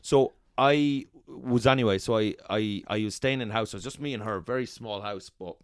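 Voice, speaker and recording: A man's voice: on the low side, normal speed, smooth, no room sound, clean studio sound. A man co-hosting a podcast, telling crude, rambling stories in a casual comedic chat. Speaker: podcast co-host.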